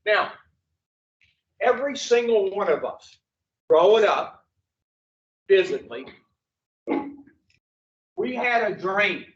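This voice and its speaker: A man's voice: high voice, animated, takes it slowly, long pauses. Man, recovery counselor; blunt, profane group lecture full of rhetorical questions; distant, muffled, roomy recording. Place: echoey group room. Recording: distant, echoey, dull room recording.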